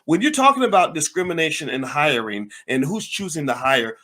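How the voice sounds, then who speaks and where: Fiery, animated man. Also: fairly high pitch, fairly quick. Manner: fiery, rhetorical questions, angry. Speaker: commentator. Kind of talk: impassioned political commentary.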